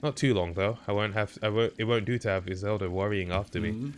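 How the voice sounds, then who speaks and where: Chatty cave-explorer map-maker in a video game, put on by a male streamer, low and easygoing, over a hissy stream mic. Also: very animated. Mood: musing. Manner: reading a game character's lines aloud in a put-on voice, slower and unhurried. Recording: noisy stream audio with clicks.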